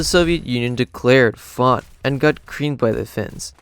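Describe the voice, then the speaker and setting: A man's voice: mid-range voice, a little slow, few pauses, a little hiss or hum. A man giving a jokey, sarcastic game review commentary over gameplay. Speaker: gaming channel host.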